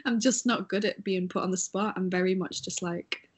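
Breathy young Englishwoman chatting. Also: mid-range voice, huge pitch swings, normal speed. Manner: chatty and self-deprecating, laughs often. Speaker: podcast co-host. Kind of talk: casual chat.

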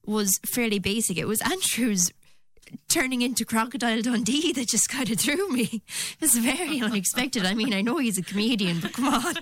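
A woman co-hosting a radio show. She speaks in a lively, amused way. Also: a little high, normal speed, no room sound. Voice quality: lively, amused, often laughing. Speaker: radio co-host. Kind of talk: casual radio chat.

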